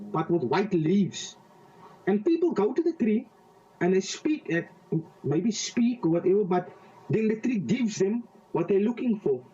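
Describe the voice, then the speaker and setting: A man giving a personal faith testimony in an interview. He recounts a vivid dream slowly and haltingly, often repeating words and restarting his sentences. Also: high voice, dark tone. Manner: slow and vivid when describing a dream. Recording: slightly distant, dull lo-fi audio.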